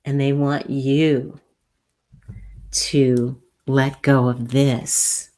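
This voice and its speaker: Woman, very deep voice, slow unhurried pace, gentle soothing host, halting repeats, spiritual advice and card readings. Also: flat delivery.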